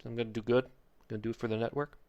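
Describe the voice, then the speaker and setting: A man's voice: mid-range voice, level tone, racing, a little mellow, dull audio, lightly acted. Man reading as an eager young wrestler.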